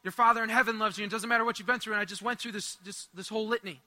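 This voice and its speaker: A young man preaching a sermon, telling a personal story in an animated way with asides and laughs. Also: sits high, rapid-fire.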